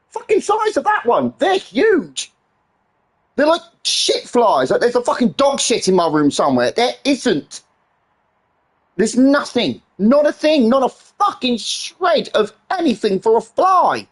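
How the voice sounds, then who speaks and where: This is a gaming streamer in full exasperated rant mode, swearing at nearly every turn. The voice sits at a middling pitch but leaps up and down with lively, animated swings. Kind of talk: live stream chat.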